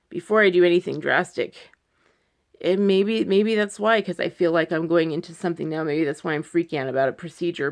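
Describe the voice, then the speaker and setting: A woman talking to her followers in a personal video diary, anxious and close to tears, rambling with many fillers. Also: deep voice. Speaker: vlogger. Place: indoors at home.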